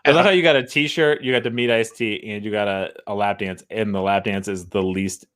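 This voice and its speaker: A man's voice: lowish voice, a little fast, fairly bright tone. A man in a casual podcast chat who cracks jokes and laughs often. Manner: laughs often, joking asides. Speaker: podcast co-host.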